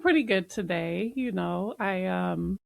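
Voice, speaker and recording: A woman's voice: lowish voice, unhurried, vocal fry, no echo, studio quality. Reflective woman podcast co-host. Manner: warm, laughing, reflective. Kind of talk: casual podcast conversation.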